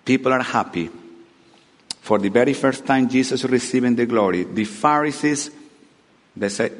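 Dramatic preacher in a reverberant hall. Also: male voice, medium pitch, moderate pace, pauses often. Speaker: pastor. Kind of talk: sermon. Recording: long reverb of a large hall.

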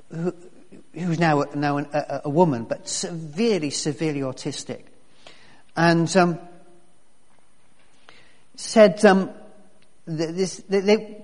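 Pastor preaching in a reverberant hall. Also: male voice, high voice, darkish tone. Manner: conversational, with many restarts and fillers. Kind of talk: sermon. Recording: long reverb of a large hall.

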